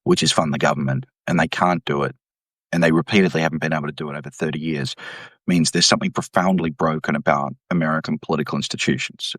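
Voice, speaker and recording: A man, an economics professor, explaining policy in an interview with an emphatic, animated delivery. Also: rumbling low, no echo. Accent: Australian. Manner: animated, emphatic, mimics voices when quoting.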